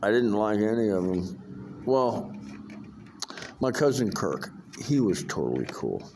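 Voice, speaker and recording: A man's voice: fairly low pitch, very animated, takes it slowly, a little mellow, a little hiss or hum. An older man talks in a rambling, profane vlog monologue, full of fillers and restarts. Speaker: vlogger.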